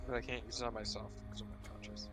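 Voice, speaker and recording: A young man chats casually as a player in a tabletop game, speaking in a flat, matter-of-fact monotone. Loud music plays behind him throughout. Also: medium pitch, racing, low-quality recording.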